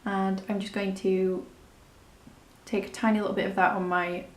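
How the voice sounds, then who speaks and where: A woman's voice: mid-range voice, little pitch movement, normal speed, reverberant. A woman talking through a makeup tutorial in a chatty, rambling, self-deprecating way. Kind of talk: casual step-by-step tutorial narration.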